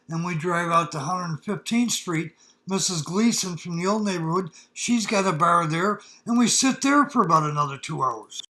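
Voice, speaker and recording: An older man tells his own story plainly and bluntly, swearing freely. His voice is gravelly, with a bright, slightly raised pitch and a tense edge. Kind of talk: personal storytelling.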